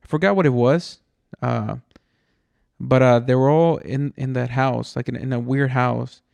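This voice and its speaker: A man's voice: mid-range voice, steady tone, a little slow, gravelly, darkish tone, no echo, muffled recording. A man from Mexico, a podcast host, telling a rambling story in casual chat, swearing and saying "dude" a lot. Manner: rambling and profane, says "dude" often.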